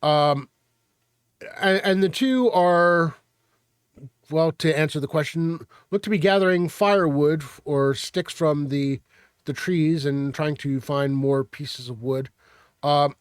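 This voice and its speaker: A male game master narrating a tabletop role-play. He speaks haltingly, with many fillers, in a somewhat high voice. The sound is dry and close-miked. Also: clear, resonant tone, no room sound.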